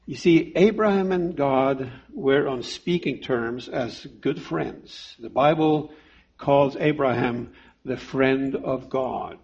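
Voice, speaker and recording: A man in his fifties preaching a sermon, delivering it slowly and emphatically with deliberate pauses. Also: mid-range voice, gravelly, darkish tone, husky, muffled recording.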